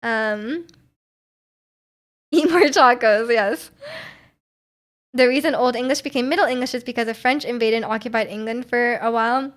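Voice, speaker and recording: A woman's voice: a little high, moderate pace, long pauses, a bit bright. A young woman streaming live, chatting casually with her viewers in a rambling, giggly way.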